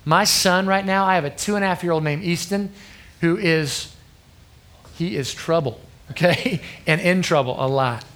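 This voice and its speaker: A man's voice: fairly high pitch, moderate pace, a bit bright. Earnest man preaching to youth. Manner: earnest, conversational, often asks the crowd "okay?". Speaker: youth pastor. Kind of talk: sermon to a youth group.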